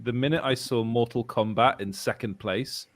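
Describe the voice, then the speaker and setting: A man's voice: mid-range voice, moderate pace, dry recording. A man co-hosting a casual live show, ranting, stammering and laughing often. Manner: animated ranting with frequent laughter, stammering restarts. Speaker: co-host.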